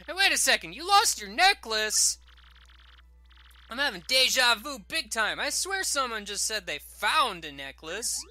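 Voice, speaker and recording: Man doing chirpy young girl sidekick, bright, bouncy game voice. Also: very high voice, sing-song, a little slow, no room sound, pitched above the performer's own voice, heavily acted. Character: perky young female student adventurer.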